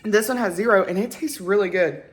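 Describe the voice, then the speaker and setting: A young woman, chatting casually to camera, excitable and full of fillers. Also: mid-range voice, fairly quick. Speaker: vlogger.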